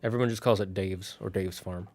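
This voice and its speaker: A man's voice: sits low, fairly even intonation, darkish tone, dry recording. Man thinking aloud on a solo stream. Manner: thinking aloud, halting and restarting. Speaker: streamer building a fantasy world. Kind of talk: casual solo stream chat.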